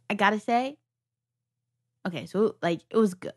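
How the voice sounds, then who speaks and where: A woman's voice: mid-range voice, expressive, a little slow, long pauses, slightly rough. A young woman co-hosting a casual film review podcast, playful and jokey, sometimes dropping to a whisper. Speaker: podcast co-host.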